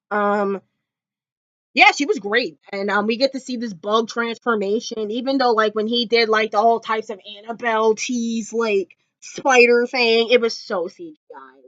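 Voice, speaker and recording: A woman vlogger chats casually from her floor at home, gushing and rambling with lots of filler words. Her voice sits a little high, and the sound is dry and slightly dull. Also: fairly even intonation, measured pace, fairly bright tone, no room sound. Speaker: vlogger reviewing a TV episode. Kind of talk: casual chat.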